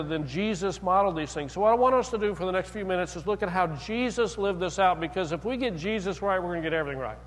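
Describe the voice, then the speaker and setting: A high-pitched man preaches to his church in an easy, conversational manner, telling stories and slipping into the voices of the people in them. His voice rings out with a long hall reverb. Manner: conversational, storytelling with acted quotes. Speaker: pastor. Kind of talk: sermon.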